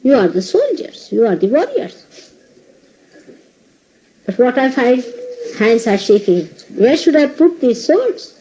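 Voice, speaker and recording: A woman's voice: a little high, very animated, a little slow, pauses often, dark tone, a little hiss or hum. A woman spiritual teacher giving a talk to her followers, scolding them in a playful way and laughing often. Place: indoor ashram hall. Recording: dull lo-fi 1980s tape recording.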